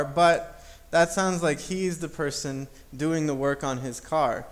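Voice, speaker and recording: A man's voice: fairly high pitch, unhurried, a bit bright. A man teaching an English grammar lesson, explaining patiently and checking understanding with "okay?". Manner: patient, repeats key points, checks with "okay?".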